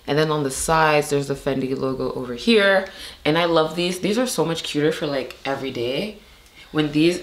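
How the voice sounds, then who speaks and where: A young woman from Montreal with a slightly hoarse voice, chatting casually to camera in a rambling, filler-heavy way. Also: low-pitched. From Montreal, Canada. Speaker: vlogger. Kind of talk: casual vlog chat to camera. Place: indoors at home. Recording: echoey room with noise.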